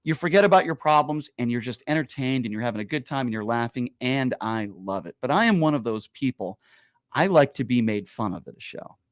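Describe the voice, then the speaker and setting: A male radio host chats in a studio, his pitch swinging widely as he tells an anecdote and acts out the other people in it. The sound is dry and close, with no room echo. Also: fairly quick. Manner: animated storyteller, quotes people in raised voices. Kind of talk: casual studio chat, storytelling.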